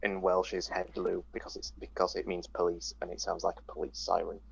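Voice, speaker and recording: Male player, low gravelly lively voice, wry asides, lo-fi audio. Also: brisk, slight background noise. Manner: wry, joking table chat. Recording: lo-fi online voice chat.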